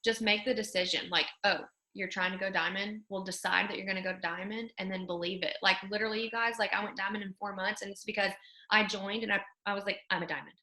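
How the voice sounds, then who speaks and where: A chatty woman hosts a casual motivational talk, leaning on fillers as she goes. Her voice is bright and clear. The room around her rings with a noticeable echo. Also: mid-range voice, fairly even intonation, fast. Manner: chatty, fills with "like" and "you know". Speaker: host.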